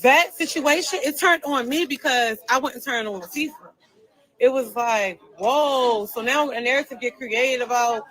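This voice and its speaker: A woman with a high, bright, forceful voice speaks on a casual live stream. She tells her story emphatically, repeating herself as she presses each point. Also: low-quality recording. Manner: emphatic, repetitive, fast storytelling.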